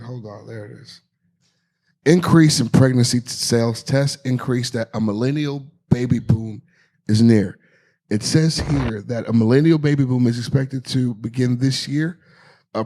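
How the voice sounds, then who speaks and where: A man's voice: medium pitch, a little mellow. A man co-hosting a podcast who reads a news story aloud and then jokes about it in casual banter. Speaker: podcast co-host reading news stories. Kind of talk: casual banter among friends.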